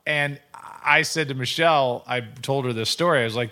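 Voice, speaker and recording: A middle-aged man hosting a podcast, telling stories in an animated, casual way. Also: mid-range voice, normal speed, few pauses. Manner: animated storytelling, acts out quotes. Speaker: podcast host. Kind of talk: casual chat.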